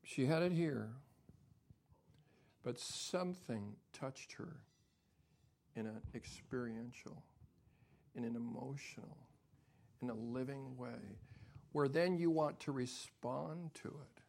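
An older man preaching a sermon as pastor, dropping to soft near-whispers and then building to loud, emphatic preaching. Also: medium pitch, slow pace, creaky, pauses often.

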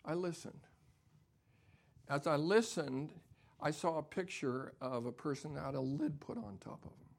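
An older man preaching a sermon as pastor, dropping to soft near-whispers and then building to loud, emphatic preaching. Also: fairly high pitch, moderate pace, creaky.

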